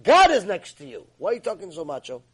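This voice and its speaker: A man with a high, husky voice gives a religious ethics lecture. He talks in an emphatic, scolding way and acts out the voices of the people he quotes. He speaks as a teacher pressing a point on his class. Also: huge pitch swings, fast talker, a bit bright, poor audio. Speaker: Torah teacher.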